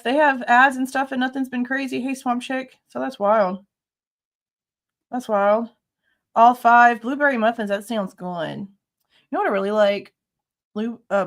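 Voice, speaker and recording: Woman, fairly high voice, casual livestream chat, greets viewers by name, laughs often. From Ohio. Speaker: livestream host.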